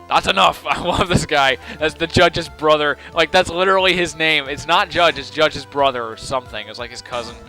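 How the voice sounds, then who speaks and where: Joking young let's-play guy, bright voice. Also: a little high, normal speed, faint music behind. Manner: joking, irreverent. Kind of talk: casual gameplay commentary.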